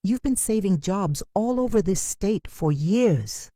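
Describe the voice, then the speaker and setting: A woman's voice: lowish voice, big pitch swings, moderate pace, mellow, dry recording, studio quality, pitched above the performer's own voice. A woman voicing an earnest, humbled young husband who speaks with new respect.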